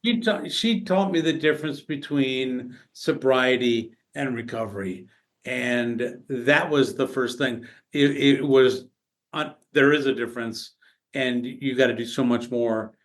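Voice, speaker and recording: A man as a podcast guest, telling stories casually, halting and restarting often, with animated retellings. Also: mid-range voice. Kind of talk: casual storytelling conversation.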